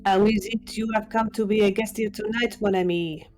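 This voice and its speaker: A woman's voice: medium pitch, steady tone, moderate pace, a little mellow, close to an everyday voice. A woman putting on a courteous French-accented detective. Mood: polite. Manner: courteous, formal. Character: Hercule Poirot, dapper male detective. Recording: game music behind.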